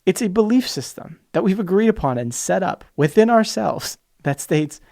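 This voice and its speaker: A man's voice: sits high, expressive, moderate pace, vocal fry, darkish tone. A man hosting a podcast alone, talking passionately and emphatically, sometimes mimicking opposing views in mocking voices. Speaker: podcast host. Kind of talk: solo podcast monologue.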